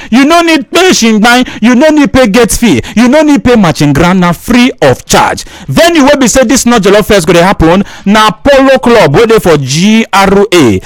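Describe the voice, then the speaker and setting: A man speaking Nigerian Pidgin, telling an animated story as he promotes an event and acts out the neighbors he quotes. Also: high-pitched, no room sound. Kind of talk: promotional skit.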